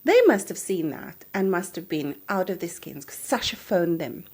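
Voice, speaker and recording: A woman in her thirties, hosting a podcast, shares a personal story with animated, emotional energy at a moderate pace. Her voice is husky and sits a little lower than most women's.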